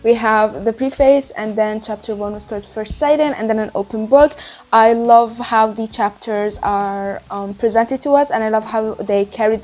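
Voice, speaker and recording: A woman's voice: fairly high pitch, darkish tone. A young woman with a slight non-native accent rambles casually about a book she is reading, full of fillers and asides. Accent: non-native English. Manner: chatty and rambling, lots of fillers. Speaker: book vlogger. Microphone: handheld mic, then set in lap.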